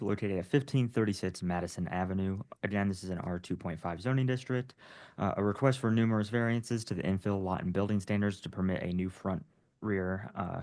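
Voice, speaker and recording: Planner guy walking through slides, low voice, just the facts. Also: darkish tone. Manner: matter-of-fact, methodical. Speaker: city staff planner. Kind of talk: presenting a case with slides.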